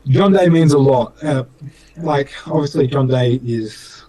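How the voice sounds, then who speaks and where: A man's voice: mid-range voice, a little slow, dark tone, rough recording. A young man with an Australian accent, telling racing stories in a casual interview in an earnest, rambling way, full of fillers. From Western Australia. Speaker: racing driver guest.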